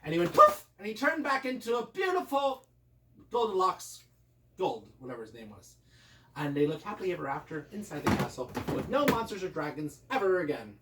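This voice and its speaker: A man's voice: high voice, huge pitch swings, brisk. A man, a father, improvising a playful, meandering bedtime story for his kids at home. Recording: roomy, distant, noisy home recording.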